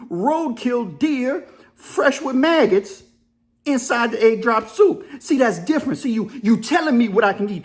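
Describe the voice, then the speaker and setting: Middle-aged new orleans guy, high pitched voice, slangy laid-back storytelling. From Louisiana, New Orleans area. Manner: casual storytelling, drawling slang, quick laughs. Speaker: commentary video host. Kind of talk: reaction commentary.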